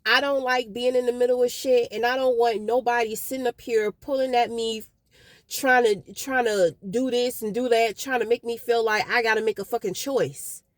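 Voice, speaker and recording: A woman's voice: fairly high pitch, fairly even intonation, normal speed, no echo. Frustrated woman venting, dry close sound. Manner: frustrated, profane, rambling. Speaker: vlogger. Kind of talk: casual venting vlog. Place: outdoors.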